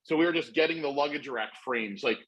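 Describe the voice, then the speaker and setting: Rambling middle-aged man, slightly high voice. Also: fast, over a noisy crowd, rough recording. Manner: rambling, profane storytelling with many fillers. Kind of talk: casual chat.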